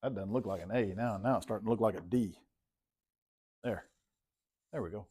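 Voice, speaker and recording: A man's voice: fairly low pitch, moderate pace, dark tone, husky. A man teaching a math class in a classroom, talking casually, calling on students by name and repeating himself. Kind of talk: classroom lecture.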